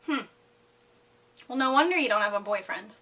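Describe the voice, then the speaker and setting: A woman voicing an elderly grandmother who speaks in a gentle, doting tone and says blunt, crude things. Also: a little high, expressive, moderate pace, pitched below the performer's own voice. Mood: sweetly blunt.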